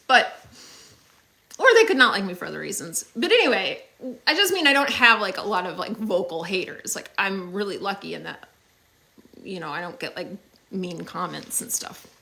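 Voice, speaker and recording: A woman's voice: medium pitch, sing-song, moderate pace, creaky, bright, forceful tone. A young woman hosting a casual livestream on her phone, chatty and upbeat as she thanks viewers, with many fillers. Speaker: livestream host.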